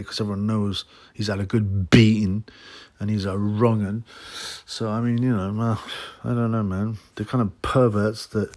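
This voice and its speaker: A man hosting a boxing channel, ranting in a mocking, rambling way with many fillers and restarts. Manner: slips into mocking high voices when quoting. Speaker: boxing commentary channel host. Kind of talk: ranting casual monologue.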